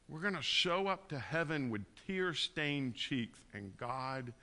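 A man preaching a conversational sermon, moving between quiet, tender passages and loud emphatic bursts. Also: fairly high pitch, animated, slow pace, few pauses. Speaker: pastor.

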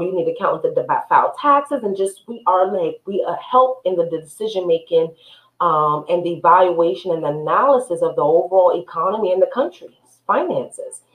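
A woman guest on a podcast telling her story candidly, pausing often with "um". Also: lowish voice. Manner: candid storyteller, frequent "um" pauses. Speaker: guest, accountant and entrepreneur. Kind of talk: casual interview chat. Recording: echoey room.

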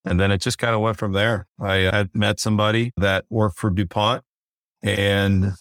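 A man talking as a podcast guest, telling his career story in a relaxed way with fillers and restarts. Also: fairly low pitch, moderate pace, no echo, clean studio sound. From North Carolina. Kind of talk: casual interview.

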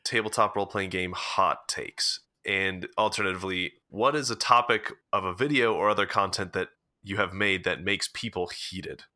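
A man's voice: sits low, fairly even intonation, normal speed, bright, forceful tone. A man interviewing a guest, asking questions and giving short, easygoing replies. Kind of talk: conversational interview.

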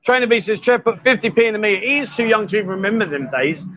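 A man's voice: high voice, animated, racing, bright, forceful tone, dull audio. Cheeky man hosting a bar live stream. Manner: cheeky, teasing banter. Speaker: host.

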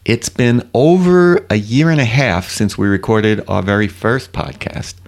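An older man with a New York accent, a retired orthodontist, co-hosting a podcast in a relaxed, joking way. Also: fairly low pitch, unhurried. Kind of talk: casual podcast chat.

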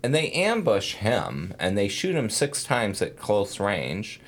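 A man's voice: fairly low pitch, huge pitch swings, takes it slowly. A man hosting a casual true crime podcast, telling the case in a rambling way with many fillers and self-corrections.

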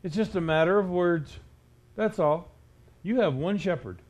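High-voiced stern male preacher. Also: measured pace, darkish tone. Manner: emphatic, rhetorical questions, stern. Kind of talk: sermon.

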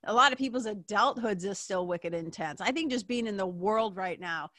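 A woman in her fifties from Massachusetts, rambles through a personal story on her podcast. Her voice is bright and forward. She leans on "like", swears freely and laughs, and the sound is dry and close. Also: medium pitch, moderate pace, no room sound. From Massachusetts, USA. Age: 50s. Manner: rambling, heavy "like" fillers, swears, laughs often. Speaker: podcast host.

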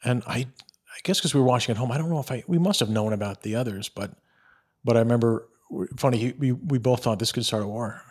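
A man hosts a casual podcast interview and chimes in with his own memories. He talks in a relaxed, low-key way into a podcast microphone. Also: fast, slightly rough. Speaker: podcast host.

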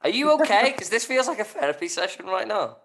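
A male co-host from the UK bantering on a casual podcast, teasing and easily excited. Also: high-pitched, fast talker. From United Kingdom.

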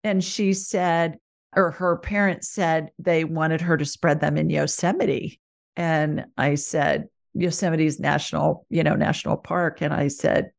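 A woman's voice: low-pitched, a little slow, gravelly. A woman, a guest medium in a casual interview, telling stories animatedly and acting out the dialogue she quotes. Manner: animated storyteller who acts out quoted dialogue.

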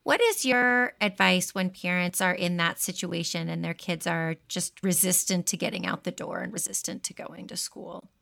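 A woman's voice: fairly low pitch, moderate pace, vocal fry, few pauses, pushed and bright. A woman hosting an interview, asking about parenting and giving short supportive replies. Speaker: interview host. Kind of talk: interview questions.

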